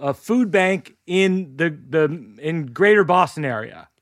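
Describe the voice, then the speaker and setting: A man's voice: on the high side, lively intonation, unhurried, a bit bright, no echo, clean studio sound. A man hosting a podcast, speaking hesitantly with many fillers. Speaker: podcast host. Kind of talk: casual conversation.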